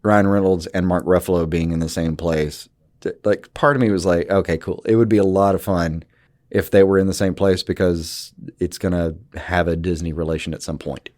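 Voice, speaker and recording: A man's voice: deep voice, fairly even intonation, moderate pace, darkish tone, no room sound, studio quality. A man co-hosting a podcast in casual chat, rambling and hesitant, joking around. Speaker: podcast co-host.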